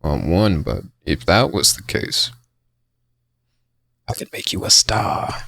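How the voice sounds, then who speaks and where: A man's voice: low voice, slow, gravelly, no room sound, studio quality. A man co-hosting a podcast, telling rambling stories in casual banter. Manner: rambling, animated storyteller. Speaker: podcast co-host.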